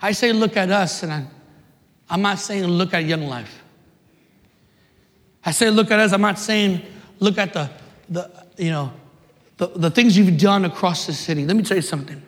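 Man preacher with a very high voice, impassioned and repetitive, sermon delivery with sudden shouts, long hall reverb. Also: moderate pace, pauses often. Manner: impassioned, repeats phrases, swings from shouting to hushed.

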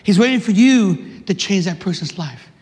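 A man, preaching passionately to young people, rising to emphatic shouts and dropping in joking asides. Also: high-pitched, lively intonation, moderate pace. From New York City, USA. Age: 30s. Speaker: youth minister. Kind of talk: preaching to a live audience. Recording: reverberant hall.

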